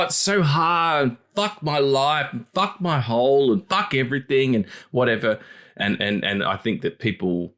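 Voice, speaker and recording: Deep-voiced man rambling casually. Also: a bit bright. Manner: rambling, swears freely, acts out quotes in high voices. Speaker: podcast co-host. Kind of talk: casual chat.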